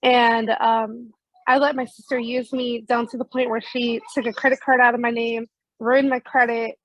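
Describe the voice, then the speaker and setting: A woman participant sharing a personal story in a class, talking haltingly with frequent fillers. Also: a little high, level tone, no room sound, poor audio.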